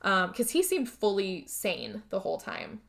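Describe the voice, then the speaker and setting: A woman's voice: mid-range voice, huge pitch swings, unhurried, gravelly, fairly bright tone. A woman hosting a podcast who casually recaps a movie plot, rambling, swearing and checking in with her listener. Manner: chatty, rambling, swears, keeps checking in with "okay?". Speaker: podcast host.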